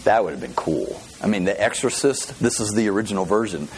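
A male pastor preaching a sermon, telling Bible stories in an animated way and often stringing thoughts together with "and". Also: on the low side, brisk. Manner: animated, storytelling, with many repeated "and"s.

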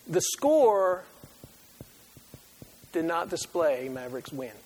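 Husky-voiced preacher telling a lively story. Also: male voice, fairly high pitch. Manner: animated, jokey storytelling, acts out his own reactions. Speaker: pastor. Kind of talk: sermon with storytelling.

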